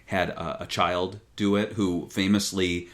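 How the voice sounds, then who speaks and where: A man hosting a casual podcast conversation, easygoing and playful, fond of imitating voices. His voice is low. The talk loosely wanders. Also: a little slow. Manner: relaxed, jokey, tries out voices. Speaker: podcast host.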